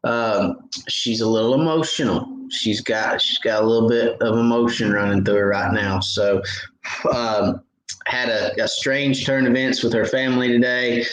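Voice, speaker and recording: A man's voice: mid-range voice, fairly even intonation, normal speed, echoey room, a little hiss or hum, poor audio. A middle-aged man, hosting a fishing livestream in casual chat and reading out viewer comments. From Knoxville, Tennessee. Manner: folksy, reads viewer comments aloud.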